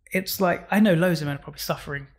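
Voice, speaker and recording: A man's voice: on the high side, a little fast, breathy edge. A young man tells his own story candidly as a podcast guest and acts out his past thoughts. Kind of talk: personal story in a podcast interview.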